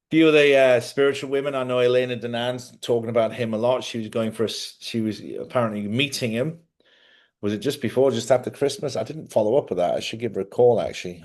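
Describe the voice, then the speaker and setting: A man's voice: medium pitch, darkish tone. A man hosting a live spiritual talk show from a studio, speaking in a rambling, conversational way and often checking in with listeners. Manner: rambling, conversational, repeats himself and asks listeners "yeah?". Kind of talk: casual live-stream talk.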